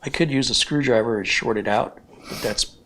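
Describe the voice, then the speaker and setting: A man's voice: mid-range voice, normal speed, fairly bright tone, slight background noise. A man hosting a hands-on computer build tutorial, explaining each step plainly and giving firm opinions. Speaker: computer technician host.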